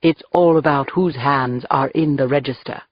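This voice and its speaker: A woman's voice: extremely low pitch, moderate pace, dry recording, dull audio, pitched below the performer's own voice. A woman voicing a jovial, evasive male club owner with a British accent, read as an audiobook. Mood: smooth, evasive. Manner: smooth and evasive. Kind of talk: audiobook reading.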